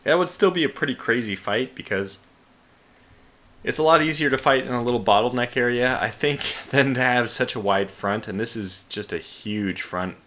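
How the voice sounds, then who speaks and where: A man's voice: mid-range voice, moderate pace, a bit bright. A man casually commentating a strategy game he plays, thinking aloud with restarts and sleepy yawns. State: sleepy, yawning. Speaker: let's play host.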